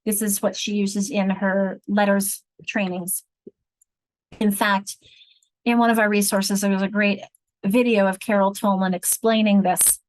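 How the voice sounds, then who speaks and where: A woman's voice: mid-range voice, flat delivery, dry recording, rough recording. Woman teaching a reading workshop, dry sound. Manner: explanatory, slowly sounding out example words. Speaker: literacy instructor. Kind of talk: online teacher training workshop. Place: at home.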